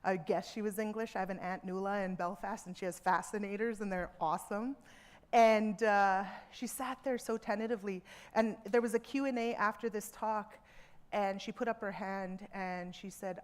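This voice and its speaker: A woman speaking earnestly to a seminar audience from a theatre stage, measured, with emphatic repetitions. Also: mid-range voice, steady tone. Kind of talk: reflective public talk.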